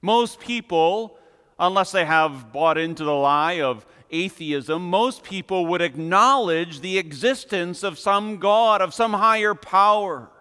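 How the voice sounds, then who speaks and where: A man preaching an expository sermon with measured, emphatic repetition. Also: high-pitched, sharp tone, smooth. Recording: long hall reverb.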